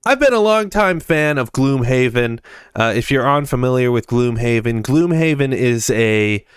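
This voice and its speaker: A man's voice: medium pitch, lively intonation, normal speed, smooth, no echo, studio quality. A young man hosting a podcast, chatting casually and enthusiastically about gaming news, with frequent fillers. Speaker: podcast host.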